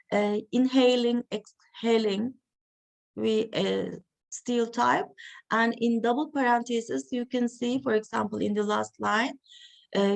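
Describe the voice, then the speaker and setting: A woman giving an academic reading session, talking slowly and haltingly with many fillers. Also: a little high, gravelly. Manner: slow, halting delivery with frequent fillers. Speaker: lecturer.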